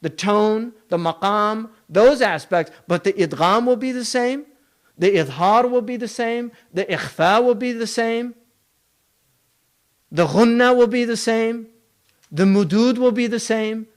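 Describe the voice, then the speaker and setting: A man's voice: sits high, a little slow. A man giving a religious lecture, emphatic, running through long lists and asking rhetorical questions. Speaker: Islamic scholar lecturing.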